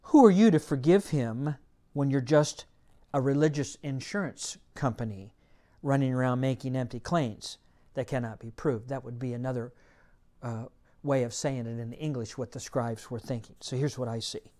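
A man's voice: medium pitch, normal speed, mellow. A male pastor preaching a sermon in church, telling a folksy story and rising to emphatic bursts. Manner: folksy, self-deprecating.

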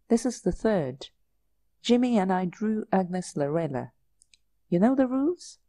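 A woman's voice: fairly low pitch, mellow, no room sound. A woman reading the part of an impulsive, thrill-seeking young society lady, in a coaxing, breathless manner.

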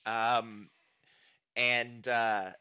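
A man's voice: mid-range voice, little pitch movement, very slow, bright, forceful tone, smooth, highs cut off. An American man in a casual stream outro chat, rambling and hesitant with many fillers.

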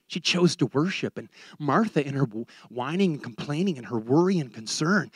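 Male preacher, high and lively voice, animated sermon, repeats words, dry close sound. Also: moderate pace, hardly any pauses, breathy edge, no room sound. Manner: animated, repeats words while building a point.

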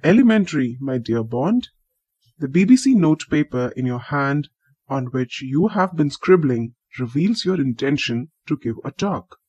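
Man doing a superior, impatient detective, husky, lively pitch, storybook reading. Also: a little slow, no echo, lo-fi sound. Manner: impatient, superior, crisply deductive. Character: brisk, superior male detective, middle-aged.

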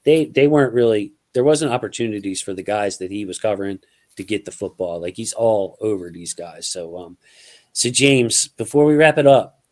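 A man's voice: on the low side, lively intonation, moderate pace, darkish tone. A man hosting a casual sports podcast, loose and slangy, talking football scouting with a guest. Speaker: podcast host.

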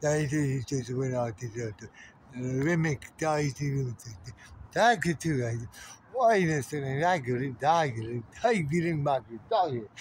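A man's voice: medium pitch, lively intonation, normal speed, a little hiss or hum. A man in a rambling monologue, muttering strings of numbers and codes to himself. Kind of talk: stream-of-consciousness monologue.

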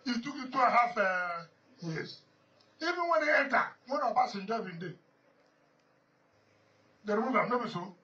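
A man's voice: very high voice, expressive, normal speed, long pauses, bright, forceful tone, recorded from a distance, muffled recording. A Nigerian man, a politician, giving an emphatic, rambling off-the-cuff speech with lots of repetition. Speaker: politician addressing a gathering.

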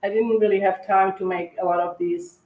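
A woman co-hosting a live cookie-decorating tutorial, chatting in a halting way with lots of fillers and restarts. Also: medium pitch, fairly even intonation, reverberant, narrow, tinny audio. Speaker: cookie decorating livestream co-host. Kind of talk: casual tutorial chat while decorating.

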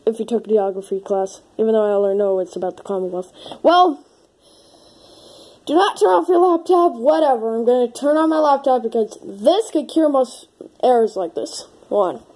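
High-pitched, excitable woman vlogging. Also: a little fast. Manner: excitable, exclaiming, panicky outbursts. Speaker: video creator. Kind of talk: casual comedic vlog.

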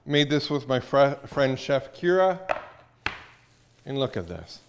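A man's voice: medium pitch, very animated, slow, a little hiss or hum. A man hosting a casual cooking show, chatting upbeat while he cooks in a kitchen.

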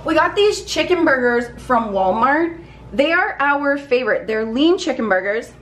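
A woman hosting a casual cooking vlog, bubbly and excited, talking in quick bursts. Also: high-pitched. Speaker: vlog host. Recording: echoey room with faint music.

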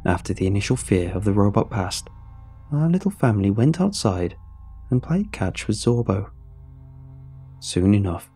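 Deep husky guy reading a creepy story, slow and somber, soft music behind. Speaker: horror story narrator. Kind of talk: scripted narration. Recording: faint music under the narration.

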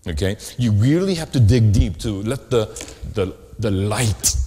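A man preaching a sermon as pastor, animated, often asking the congregation questions. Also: medium pitch. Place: church sanctuary. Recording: long hall reverb.

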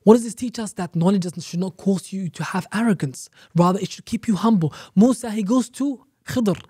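A man's voice: high-pitched, brisk, dark tone, husky, no echo, clean studio sound. A man, an Islamic teacher guest on a podcast, explaining a religious story emphatically with rhetorical questions and repeated phrases.

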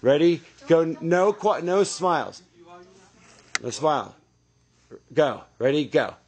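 A young man directing actors on a film set, giving brisk, encouraging instructions. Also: fairly high pitch, expressive, darkish tone.

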